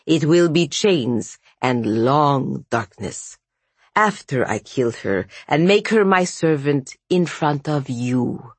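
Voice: mid-range voice, lively intonation, slow pace, breathy edge, no room sound, full character voice. A reader growling as a cruel bear demon. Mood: menacing. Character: menacing male bear demon, gloating and cruel.

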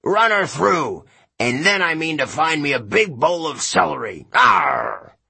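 A man's voice: on the high side, big pitch swings, a little slow, creaky, pushed and bright, husky, no echo, pitched above the performer's own voice, heavily acted. A man doing a growling pirate captain. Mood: gruff. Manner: growling, bellowing. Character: gruff big male pirate captain.

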